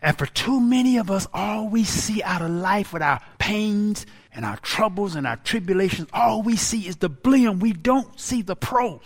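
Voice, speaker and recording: A pastor in his sixties preaching a sermon, dramatic and animated, acting out wailing laments. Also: sits high, moderate pace. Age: 60s. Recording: long hall reverb.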